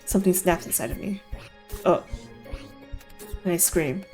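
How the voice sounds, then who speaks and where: A woman's voice: lowish voice, unhurried, darkish tone, faint music behind. A woman streamer giving an intense, dramatic first-person reading of a visual novel.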